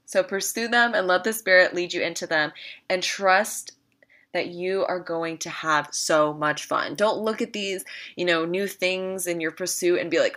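A woman's voice: fairly low pitch, steady tone, moderate pace, bright, forceful tone. A woman talking casually to viewers about faith, earnest and emphatic, repeating phrases for stress. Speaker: Christian vlogger.

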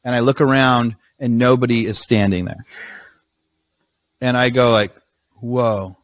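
A man, a podcast guest, telling his own story in a casual, animated way, often breaking off and restarting his sentences. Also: mid-range voice, no room sound. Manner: rapid, animated retelling with restarts.

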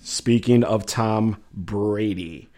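A man's voice: on the low side, extremely slow. A middle-aged man hosting a casual live talk show, reading out chat messages in a loose, chatty way. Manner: loose and chatty, trails off quietly, then livens up for segment intros.

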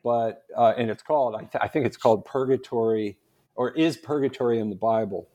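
A man guest on a podcast, telling stories in a lively, animated way and laughing often. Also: medium pitch, fairly quick. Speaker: guest apologist. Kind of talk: casual storytelling interview.

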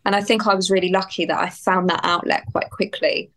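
Woman guest, somewhat low pitch, heartfelt and reflective, restarts her sentences as she thinks aloud. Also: steady tone, fairly quick, fairly bright tone. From United Kingdom. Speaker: guest, actor and writer. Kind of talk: candid interview conversation.

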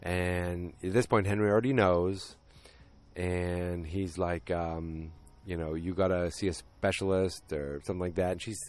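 A man casually recapping a TV episode with a deep voice and rambling, jokey asides. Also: fairly even intonation, measured pace.

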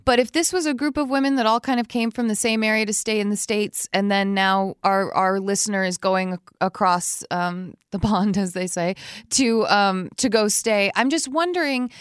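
Woman co-host, smooth clear voice, lively chatty advice, dry studio sound. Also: mid-range voice, normal speed, no room sound. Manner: chatty, animated, laughs often, acts out quoted lines. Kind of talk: casual advice chat.

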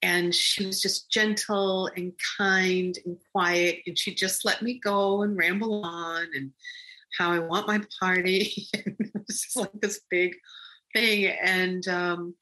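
A woman's voice: fairly low pitch, steady tone, slow pace, pushed and bright. A woman telling a personal story in an earnest, reflective way, rambling with frequent ums and restarts. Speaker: storyteller recounting a personal experience.

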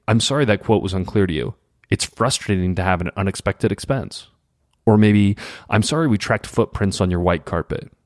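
A middle-aged man reading an article aloud in a calm, measured way, acting out short quoted examples. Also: fairly low pitch, no echo, studio quality. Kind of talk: scripted narration.

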